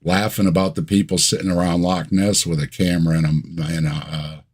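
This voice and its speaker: A man's voice: low voice, fairly even intonation, brisk, breathy edge. A man talking as a guest in a casual chat. He is easygoing with dry humor and often repeats words as he starts a thought.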